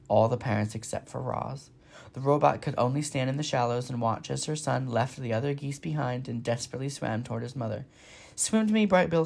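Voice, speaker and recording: A man reading a children's novel aloud with steady, expressive narration. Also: medium pitch, vocal fry. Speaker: storybook reader.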